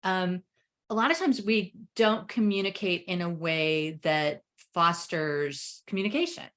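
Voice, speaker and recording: A middle-aged woman speaking as a parenting coach in a casual webinar discussion, lively and quick to act out other people's words. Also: fairly low pitch. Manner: lively, acts out family members' voices in quotes. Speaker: parenting coach and expert guest.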